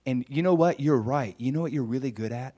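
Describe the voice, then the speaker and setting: A preacher putting on a gentle, affirming God the Father. The voice drops a little lower than his own and talks slowly and softly. He sounds tender and reassuring. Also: natural voice. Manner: slow, soft, tender delivery.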